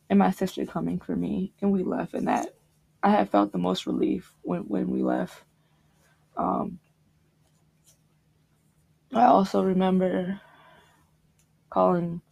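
A young woman on a podcast telling a personal story about grief, halting and reflective, with pauses and restarts. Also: medium pitch, gravelly, dark tone. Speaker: podcast guest.

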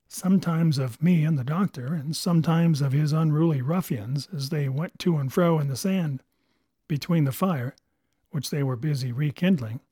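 Audiobook narrator, male, measured storytelling, fairly high voice, mellow, dry close sound. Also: breathy edge, no echo. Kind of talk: scripted narration.

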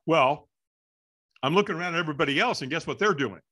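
A middle-aged man telling a story as an interview guest, lively and acting out the voices of people in it. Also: on the high side, fast, long pauses. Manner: animated, acts out voices in his story. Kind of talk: storytelling in conversation.

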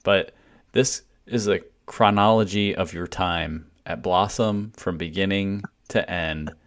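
A man co-hosting a podcast in casual chat, laughing and teasing as he tells his side of a story. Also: low voice. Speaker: podcast co-host.

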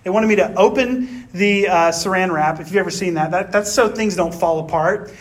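A man with a fairly high-pitched voice delivers a relaxed, conversational sermon. He talks like he's chatting with friends, dropping quick tag questions and stories from his own life as he explains the scripture. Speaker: pastor.

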